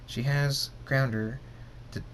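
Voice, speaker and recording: A man voicing a calm, matter-of-fact mare nurse in his own voice. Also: mid-range voice, takes it slowly, a little hiss or hum, close to an everyday voice, poor audio.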